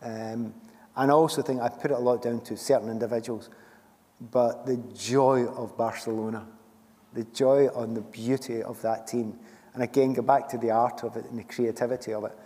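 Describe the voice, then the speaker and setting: Middle-aged Scottish man, warm low-toned voice, chatty storyteller on a hall stage. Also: fairly even intonation, normal speed. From Scotland. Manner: chatty, storytelling, laughs often. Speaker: guest author. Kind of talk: stage conversation at a book festival. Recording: long hall reverb from a festival stage.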